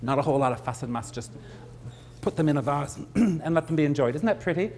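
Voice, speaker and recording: A man's voice: on the high side, animated, quick pace, darkish tone, slight background noise. A middle-aged man giving a live floral design demonstration, chatty and joking with his audience. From Canada.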